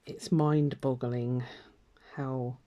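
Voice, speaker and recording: An older woman rambles through a casual catch-up as she stitches, her voice mellow and soft-edged. She drifts between topics with plenty of fillers and light laughter. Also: a bass voice, fairly even intonation, drawn-out words, highs cut off. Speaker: craft vlogger. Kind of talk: casual chat while stitching.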